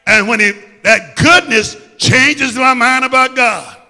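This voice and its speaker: A man with a Midwestern American accent preaches with fervor, his high, sharply bright voice ringing through a church sanctuary with long reverb. He swings from quiet, intimate asides to full-throated shouting. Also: slow, gravelly. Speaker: pastor. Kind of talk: sermon.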